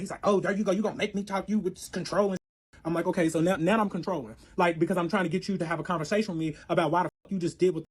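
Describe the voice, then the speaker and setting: Casting note: man with a high, quick voice, spilling a wild story with lots of swearing. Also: slightly rough. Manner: animated, profane, acts out both sides of arguments. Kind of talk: casual storytelling.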